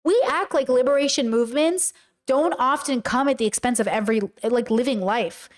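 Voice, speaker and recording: A woman's voice: high voice, fairly quick. A woman livestreaming, reading a text aloud and reacting with emotional, exclaiming commentary. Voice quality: tearful at times. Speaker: streamer reacting to a video.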